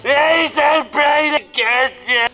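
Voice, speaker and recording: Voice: high-pitched, extremely slow, over music, low-quality recording. A man voicing a menacing male killer clown monster that taunts and cackles threats. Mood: taunting.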